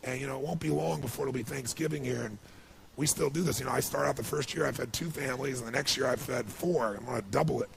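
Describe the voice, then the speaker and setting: Gravelly-voiced man telling a moving story. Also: quick pace, background noise. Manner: swings from hushed to loud and high when moved. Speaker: motivational speaker. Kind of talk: emotional storytelling speech.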